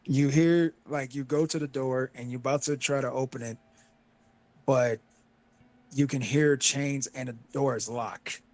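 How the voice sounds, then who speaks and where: Male game master, unhurried, swears and chuckles, mid-pitched voice. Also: steady tone, darkish tone. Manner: casual, laughing, swearing. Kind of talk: narrating a tabletop horror game.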